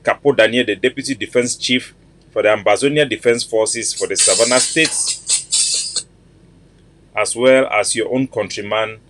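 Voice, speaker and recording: A man's voice: fairly low pitch, normal speed, pauses often, a bit bright, a little hiss or hum, poor audio. A man with a Cameroonian Pidgin English accent hosting a political broadcast, addressing listeners in a formal, declamatory way. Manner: formal declamatory delivery, piling up titles.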